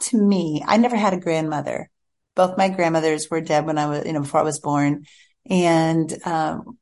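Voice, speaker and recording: Earnest woman telling a story, low voice. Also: darkish tone. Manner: earnest, heartfelt, chatty with many fillers. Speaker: author guest. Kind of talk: personal storytelling in an interview.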